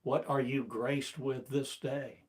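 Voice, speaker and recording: A male spiritual teacher delivering a sermon in a slow, deliberate cadence. His voice sits in an ordinary middle register. He builds the talk from one rhetorical question after another, declaiming each. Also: mid-range voice, flat delivery, a little mellow. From United States.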